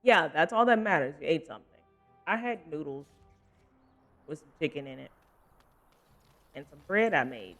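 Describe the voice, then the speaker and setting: Giggly high-voiced male streamer. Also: lively intonation, moderate pace, pauses often, a bit bright, faint music behind. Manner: giggly, chatty with viewers, laughs often. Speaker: livestreamer. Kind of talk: casual gaming stream chat.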